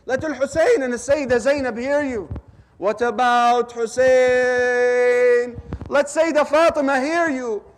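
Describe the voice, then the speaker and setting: A man delivering a mourning sermon, telling a story slowly and urging the audience to repeat lines after him. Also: extremely high pitch, a little hiss or hum. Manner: slow, drawn-out, urges the audience to repeat lines. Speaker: speaker at a religious gathering. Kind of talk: mourning sermon with call-and-response.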